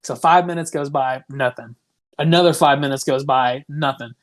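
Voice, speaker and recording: A man's voice: medium pitch, moderate pace. Rambling young man telling a story. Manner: rambling, full of "like", swears freely. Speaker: podcast co-host. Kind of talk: casual podcast storytelling.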